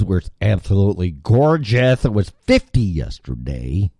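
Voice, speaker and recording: A man's voice: deep voice, huge pitch swings, normal speed, few pauses, mellow, slightly rough, no room sound, clean studio sound. A man hosting a live talk show, rambling sarcastically and swearing freely. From Midwest. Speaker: host.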